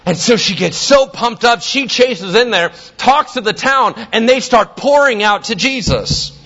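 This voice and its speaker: A man preaching a sermon, telling the story with lively energy and acting out the characters' voices. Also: very high voice, a little slow, muffled recording. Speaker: pastor.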